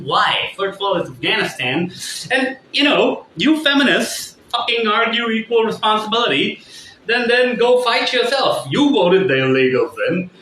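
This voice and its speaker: A man's voice: high voice, expressive, normal speed, bright, forceful tone, echoey room, a little hiss or hum, rough recording. A man ranting on his vlog in a rambling, heated way, full of swearing. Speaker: vlogger. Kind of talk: casual vlog rant.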